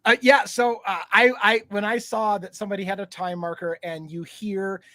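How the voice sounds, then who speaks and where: A man co-hosting a podcast who talks excitedly and swears freely. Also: high-pitched, moderate pace, dry recording, clean studio sound. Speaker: podcast co-host. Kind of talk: casual podcast chat.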